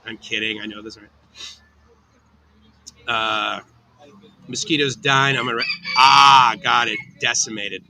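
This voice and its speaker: A man's voice: medium pitch, fairly even intonation, unhurried, creaky, long pauses, pushed and bright, a little hiss or hum, low-quality recording. A man hosting a casual livestream from a cafe, chatting upbeat with viewers and answering their comments by name. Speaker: livestream host. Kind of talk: casual live chat reading viewer comments. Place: outdoor cafe on a tropical island.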